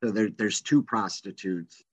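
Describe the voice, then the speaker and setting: A man retells favorite movie moments in a casual podcast chat, slipping into the characters' lines as he goes. His voice sits low and easy. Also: measured pace, husky. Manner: storytelling, retells scenes acting out the lines.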